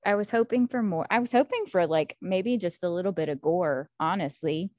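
An American woman hosting a casual book-club chat, talking in a chatty, animated way with lots of fillers. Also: fairly low pitch, normal speed, no echo, clean studio sound.

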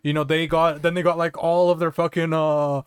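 A man's voice: a little high, level tone, normal speed, clean tone, dry recording, studio quality. A man co-hosting a comedy podcast, rambling profanely with lots of laughter. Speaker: podcast co-host. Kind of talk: casual comedy banter.

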